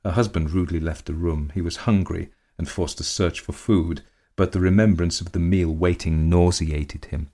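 A man reading a period story aloud in measured, dramatic scripted narration. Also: deep voice, steady tone, mellow.

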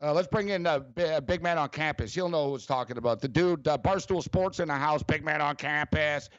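A man's voice: on the high side, brisk, fairly bright tone, no room sound, dull audio. A man hosting a sports talk radio show, ranting sarcastically with lots of fillers.

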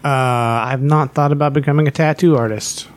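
A man who raises pigs, chatting loosely on a podcast and filling pauses with "like" and "um". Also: medium pitch, steady tone. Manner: rambling, hesitant, many fillers. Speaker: podcast guest, pig farmer. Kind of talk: casual podcast chat.

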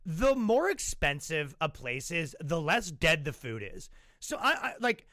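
A man hosting a podcast, telling rambling comic stories and mocking people with quick impressions. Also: a little high, big pitch swings, bright, forceful tone, dry recording, studio quality. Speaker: podcast host. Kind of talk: casual comedic monologue. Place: New York.

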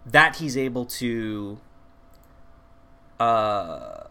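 Bright-voiced man, casual and profane. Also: medium pitch, big pitch swings, very slow, vocal fry. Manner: swears freely, laughs often, restarts sentences. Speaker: podcast co-host. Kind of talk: casual movie recap chat.

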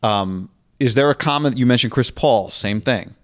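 A man in a casual sports talk conversation, asking questions in a halting way with restarts. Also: mid-range voice, dry recording, studio quality. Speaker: podcast guest and co-host.

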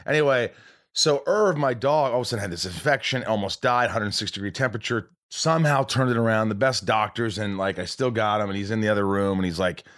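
Middle-aged male host, low voice, empathetic and talkative. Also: a bit bright. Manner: chatty, empathetic, quick to jump in. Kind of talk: casual conversation.

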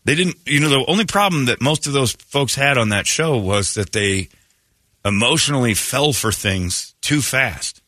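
A man's voice: medium pitch, expressive, moderate pace, bright, forceful tone, dry recording. A man hosting a morning radio show, joking and rambling in casual banter at a studio microphone.

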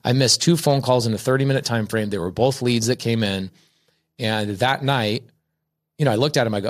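A man's voice: mid-range voice, brisk. A man guest casually telling a story about his early business, acting out quoted people. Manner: acts out quoted people with a raised voice; self-correcting restarts. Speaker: real estate investor guest.

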